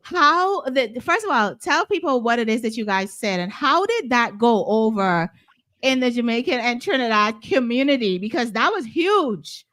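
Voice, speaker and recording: A woman's voice: on the high side, very animated, moderate pace, a bit bright. A woman interviewer putting questions to two podcast hosts.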